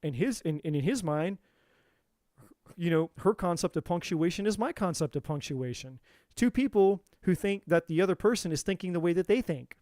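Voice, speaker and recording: A man's voice: high voice, lively intonation, normal speed, mellow, no echo, studio quality. A man giving a spiritual talk as a tarot reader on a live stream, telling an impassioned story with lots of swearing and repeated phrases.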